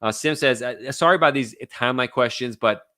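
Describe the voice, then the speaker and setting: A man hosts a live question-and-answer stream as an immigration lawyer, reading out viewer questions and answering them casually and bluntly. His voice is bright and a little tense. The sound is dry and close, with no room echo. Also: mid-range voice, a little fast.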